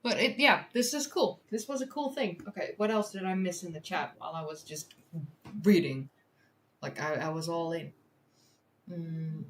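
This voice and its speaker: A woman's voice: fairly low pitch, expressive, measured pace, long pauses. A woman hosting a livestream, chatting casually with viewers and reading articles aloud, laughing easily and stumbling over hard words. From Netherlands. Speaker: livestream host, science communicator.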